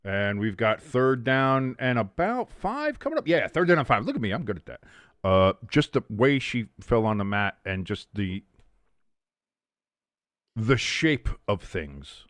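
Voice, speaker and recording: A man hosting a live game watch-along, calling plays and chatting with loud, profane tangents. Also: medium pitch, measured pace, no room sound. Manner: animated play-by-play mixed with profane rants. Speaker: host.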